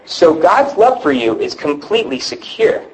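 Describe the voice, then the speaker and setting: A man's voice: high voice, big pitch swings, moderate pace, low-quality recording. A young man preaching to a youth group, telling a story earnestly and asking his listeners questions. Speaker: youth pastor. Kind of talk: youth sermon.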